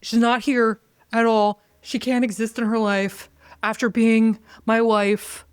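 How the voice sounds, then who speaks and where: A woman's voice: on the high side, little pitch movement, slow pace, smooth, dry recording, clean studio sound. A woman mimicking a possessive, controlling husband in a smug, dismissive tone.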